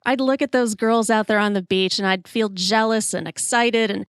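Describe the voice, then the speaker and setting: A woman's voice: medium pitch, moderate pace, clean tone, no echo, studio quality. Wry woman in her forties, telling stories. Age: 40s. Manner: wry, self-deprecating, expressive. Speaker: podcast host. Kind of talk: solo storytelling podcast.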